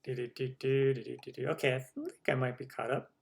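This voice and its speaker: A man's voice: medium pitch, fairly even intonation, fast talker, vocal fry. A man hosting a cooking channel live stream, chatting casually with viewers, rambling and humming while he scrolls.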